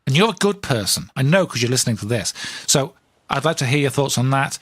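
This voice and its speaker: A man's voice: medium pitch, animated, fast talker, fairly bright tone, slightly rough, no echo. Crude, rambling male podcast host. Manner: crude, rambling and sardonic, swears often. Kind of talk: solo podcast monologue.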